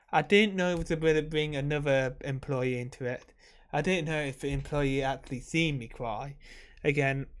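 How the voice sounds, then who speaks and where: A man talking to camera in a casual, rambling vlog, emotional and swearing freely while he drinks. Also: mid-range voice. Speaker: vlogger.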